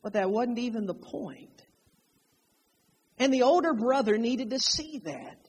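A man's voice: very high-pitched, lively intonation, measured pace, slightly rough. A man preaching a sermon, emphatic, drawing out key phrases to stress them. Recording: long hall reverb.

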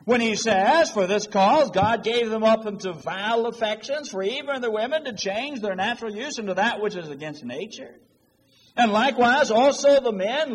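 A man preaching a sermon, emphatic and deliberate, quoting scripture in old-fashioned wording. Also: high-pitched, breathy edge. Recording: long reverb of a large hall.

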